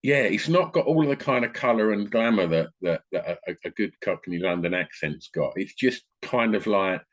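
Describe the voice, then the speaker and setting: A laid-back man with an Essex accent hosts a casual podcast chat. His voice sits fairly low but swings up and down a lot as he talks. The recording sounds slightly dull and muffled. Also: lively intonation, normal speed. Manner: chatty, laid-back, says "mate" a lot. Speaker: podcast host.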